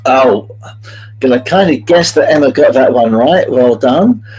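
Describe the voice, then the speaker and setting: A man's voice: medium pitch, expressive, unhurried, a little mellow, slightly rough, low-quality recording. A man hosting a live-streamed multiple-choice quiz, chatty and jokey, greeting viewers by name as he reads out the questions. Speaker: quiz host.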